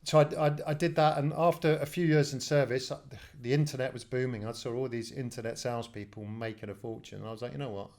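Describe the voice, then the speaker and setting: Gravelly-voiced man in his fifties. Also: mid-range voice, steady tone, fast, hardly any pauses, a little mellow. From England. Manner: chatty, self-deprecating, many restarts. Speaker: guest, telecoms director. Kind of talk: casual storytelling interview. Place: studio.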